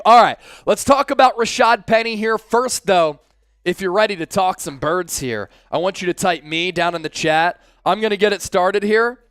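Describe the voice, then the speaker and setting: High-voiced energetic live-stream sports host. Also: male voice, smooth, dry recording, clean studio sound. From Philadelphia area, USA. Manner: energetic, hyped, chanting with the chat. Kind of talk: live-stream sports talk, reading chat shout-outs. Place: studio.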